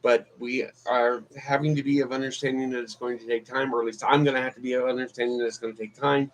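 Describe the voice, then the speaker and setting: A man's voice: mid-range voice, level tone, fast, slight background noise, low-quality recording. A man chatting casually on a live stream as a vlogger, rambling with many fillers and restarts. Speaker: YouTube vlogger.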